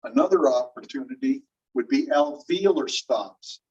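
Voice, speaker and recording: A man teaching a linguistics class, explaining slowly and repeating key phrases while checking that students follow. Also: mid-range voice, lively intonation, darkish tone, husky. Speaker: linguistics instructor. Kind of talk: classroom lecture. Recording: muffled distant classroom recording.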